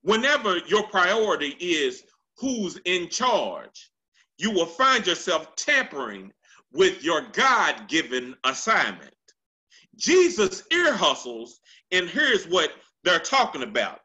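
An American pastor preaches a Sunday sermon in a church sanctuary, speaking into a handheld microphone. His voice is high, bright and forceful with huge pitch swings, and he repeats lines for emphasis while drawing out scripture quotes in a swooping way. The recording is rough.

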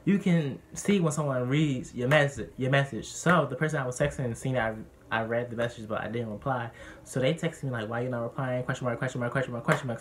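A young man vlogging, candidly telling a personal story in a lively, animated way that gets heated when he quotes others. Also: mid-range voice, background noise.

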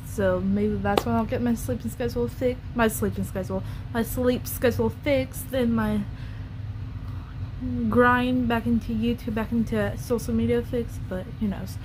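A woman's voice: on the high side, steady tone, normal speed, noisy background. A woman YouTuber ranting bluntly and profanely in a casual vlog.

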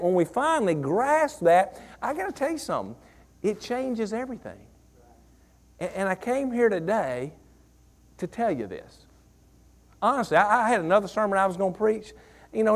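Male pastor, 40s, high voice, lively preaching delivery. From Mississippi. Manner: animated, repeats phrases, asks the congregation questions. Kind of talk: sermon.

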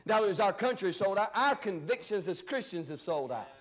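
A man preaching a fiery sermon as pastor, shouting his points and dropping into low asides. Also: expressive, brisk.

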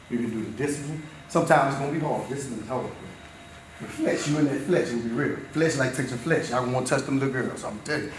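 A man in his fifties giving an emphatic, repetitive motivational talk to a school team in a locker room, swinging between shouting and low, intense stretches. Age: 50s. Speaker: motivational speaker. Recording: very echoey room, voice far off, faint noise.

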